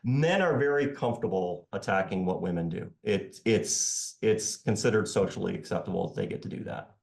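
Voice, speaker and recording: A man in his fifties, an economics professor, talking in a podcast interview in a sarcastic, animated way. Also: on the low side, moderate pace, creaky, roomy sound. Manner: animated and sarcastic, voicing his critics mockingly. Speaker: economics professor and author, guest.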